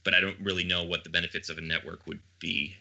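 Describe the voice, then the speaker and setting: A man co-hosting a casual podcast, laughing often and thinking aloud in quick bursts. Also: low-pitched, flat delivery, gravelly, sharp tone. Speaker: podcast co-host.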